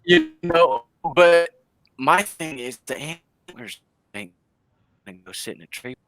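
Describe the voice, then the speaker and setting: A man, telling hunting stories in a casual, animated chat, laughing and acting out quotes. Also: a little high, unhurried, a little hiss or hum. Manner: animated, laughing storyteller who acts out quotes. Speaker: bowhunter guest.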